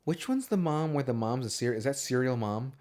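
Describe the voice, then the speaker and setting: A man's voice: medium pitch, lively intonation, a little fast, a crowd in the background. Rambling, profane podcast co-host man. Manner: rambling, profane, laughs often. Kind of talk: casual movie chat.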